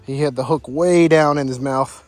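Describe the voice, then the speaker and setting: This man speaks at a normal speed in a medium-pitched voice with no echo, vlogging as he fishes at an outdoor pond. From southeastern Virginia, US, he is casual yet excitable, exclaiming again and again over faint background music.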